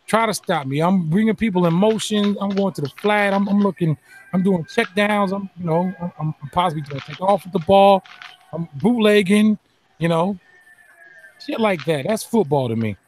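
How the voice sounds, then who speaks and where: A man from the New York area, talking sports in an emphatic, animated, casual way with some swearing. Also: sits high, normal speed, faint music behind. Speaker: podcast panel host.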